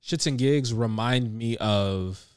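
A man's voice: mid-range voice, slow, clear, resonant tone, dry recording. Man, thirties, American accent with a British edge, rambling casual chat, dry close sound. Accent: American with a slight British tinge. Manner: rambling, loose and laid-back, with many fillers. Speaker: podcast co-host. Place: small room, seated on a couch.

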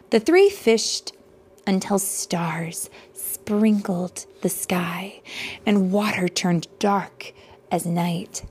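Female storyteller reading to kids; hushed and whispery, husky texture, unhurried. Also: mid-range voice, animated. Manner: hushed, often whispered narration with asides to listeners. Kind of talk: soft-spoken storybook reading.

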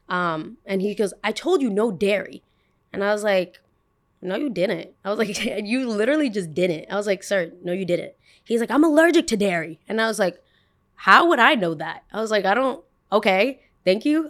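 A young woman hosting a podcast, telling a workplace story in casual chat and acting out both sides of the dialogue. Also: medium pitch. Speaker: podcast host.

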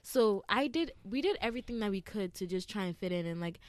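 A young woman hosting a podcast, chatting casually and telling stories fast with many fillers. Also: mid-range voice, animated, dry recording. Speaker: podcast host. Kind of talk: casual chat.

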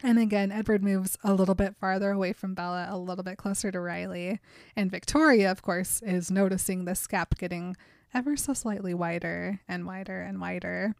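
A woman's voice: medium pitch, fairly quick, creaky, no room sound, studio quality. Casual woman retelling a story. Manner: lively storyteller, frequent laughs and fillers. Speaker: podcast co-host. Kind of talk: casual book recap.

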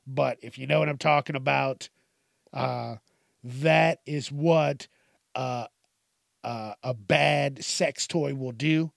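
There's vocal fry in this man's medium-pitched voice as he hosts his podcast, chatting casually with profanity and self-deprecation. He laughs often and restarts sentences. The recording is studio quality, without echo.

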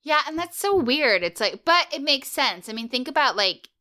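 A woman's voice: high-pitched, sing-song, moderate pace, bright, forceful tone. A woman co-hosting a podcast in casual chat, talking loosely with lots of "like" and "um". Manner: chatty, peppered with "like" and "um". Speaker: podcast co-host. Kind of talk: casual chat recapping a cartoon.

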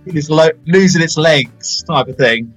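A man's voice: on the high side, unhurried, a bit bright, soft background music, low-quality recording. Chatty rambling man in his forties. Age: 40s. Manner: chatty, rambling, self-mocking. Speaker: podcast host. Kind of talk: casual film chat.

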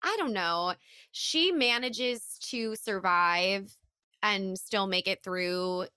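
A woman's voice: medium pitch, slow pace, sharp tone, clean tone, dry recording. A young woman co-hosting a podcast in casual chat, thoughtfully weighing both sides and hedging. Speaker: podcast co-host.

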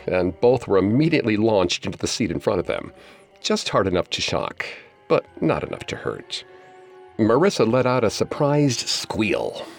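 A man reading a horror story aloud in a measured, suspenseful way. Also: fairly low pitch. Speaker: narrator. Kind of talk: scripted horror story narration.

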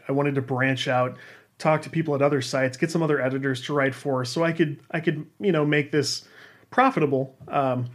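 A man casually telling a personal story about freelance games writing, rambling and self-deprecating, with frequent restarts and fillers. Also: medium pitch.

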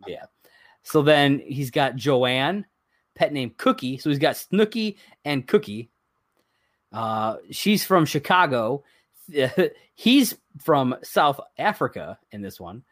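A man's voice: medium pitch, very animated, slow pace, fairly bright tone, no echo, studio quality. Easygoing man reading off a list. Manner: reads items from a list, chuckling, loose and rambling. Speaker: podcast co-host. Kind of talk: casual chat.

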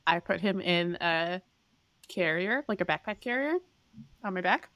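A woman in her thirties co-hosting a podcast, telling a story in casual chat and acting out the voices with big leaps in pitch. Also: lively intonation, a little slow, a bit bright, dry recording. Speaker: podcast co-host.

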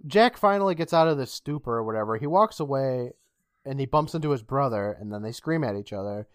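A man's voice: medium pitch, a little fast, clean tone, no room sound, studio quality. A man co-hosting a podcast, recapping a TV episode in casual chat and acting out the characters' lines. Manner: animated, acts out quotes with laughs. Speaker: podcast co-host.

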